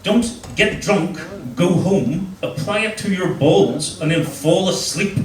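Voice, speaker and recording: A man's voice: high-pitched, animated, takes it slowly. A man with a Northern Irish accent doing crude stand-up comedy, teasing the audience. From Northern Ireland. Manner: crude, crowd-teasing banter. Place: comedy club stage. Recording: roomy live venue, mic at a distance, crowd laughter. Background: audience laughing.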